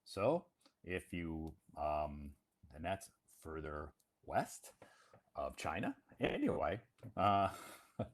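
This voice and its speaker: Deep-voiced man teaching. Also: big pitch swings, slow, long pauses. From United States, Iowa. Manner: repeats phrases and checks understanding with "okay?". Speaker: English-learning host. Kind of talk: casual spoken lesson for English learners.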